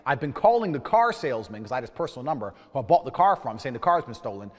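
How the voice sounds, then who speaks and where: A man's voice: medium pitch, big pitch swings, quick pace, in a large hall. A man telling a heated, profane anecdote, ranting in exasperation. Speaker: storyteller. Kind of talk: animated anecdote.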